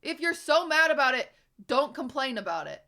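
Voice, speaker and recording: A woman's voice: sits high, very animated, moderate pace, pushed and bright. A young woman streamer ranting at her live chat, exasperated and profane, hammering her points home.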